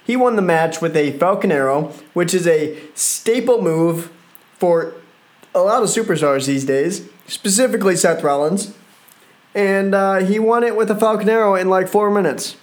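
Young man with a higher voice for an exasperated, rambling solo review of a show. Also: normal speed. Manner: exasperated, rambling, with frequent fillers. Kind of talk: casual solo commentary.

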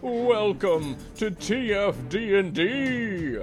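A man's voice: sits high, lively intonation, drawn-out words. A man narrating a comedy tabletop fantasy game as game master, in a grandiose mock-epic manner. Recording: music bed behind.

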